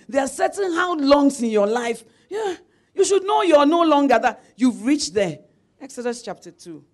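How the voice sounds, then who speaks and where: A middle-aged woman preacher delivering a sermon, telling a personal story with laughter and calls of amen. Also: on the low side.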